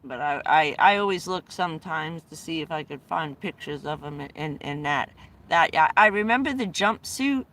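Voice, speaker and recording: A middle-aged woman with a low, expressive, fairly bright voice speaks at a moderate pace, sharing family stories on a livestream from inside a vehicle. She rambles casually, restarts often and bursts into laughter between anecdotes.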